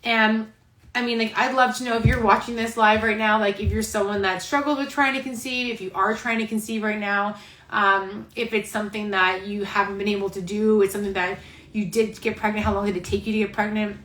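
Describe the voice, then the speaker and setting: A pregnant host chats casually over a phone live stream, her mid-range, fairly bright voice moving at a slightly fast pace with fairly even intonation. She rambles, says "like" nonstop, and sounds heartfelt, close to tears. The audio is rough, with an echoey room.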